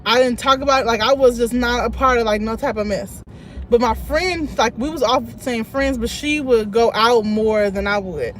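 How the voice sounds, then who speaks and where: A young woman telling a story on a live stream from her car, chatty and quick to laugh, reading out viewer comments as she goes. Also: sits high.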